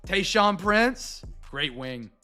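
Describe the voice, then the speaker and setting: A young man hosting a live card break, chatting to viewers and going off on excitable, rambling sports rants. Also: sits high, takes it slowly, soft background music.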